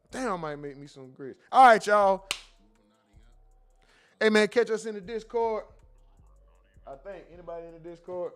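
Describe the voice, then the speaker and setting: A man hosting a casual commentary livestream, reading the chat aloud and bantering in loud, laughing, slangy outbursts. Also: high voice.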